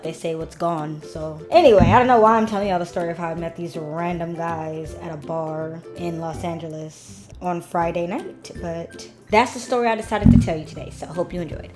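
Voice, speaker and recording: A young woman chatting casually as a recap vlogger, rambling with asides to her viewers. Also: lowish voice.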